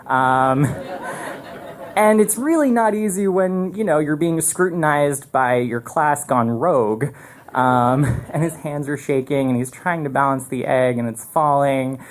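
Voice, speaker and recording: On a live stage, a man rambles animatedly through a story into the microphone, using fillers and restarts to build the scene in an unpolished, spoken style. His voice is mid-range, and he takes his time.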